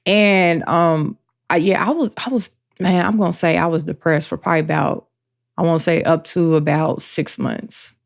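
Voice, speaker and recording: A woman co-hosting a podcast, speaking openly and emotionally in a slow, halting way. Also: fairly low pitch, fairly even intonation, gravelly. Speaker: podcast co-host. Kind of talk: candid personal talk.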